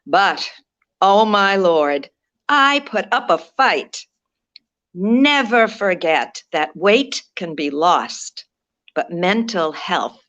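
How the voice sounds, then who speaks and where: A woman's voice: mid-range voice, a bit bright. A woman reading her own light, rhyming poems aloud in a playful way. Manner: playful rhyming delivery with frequent laughter. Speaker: poet. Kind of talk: poetry reading.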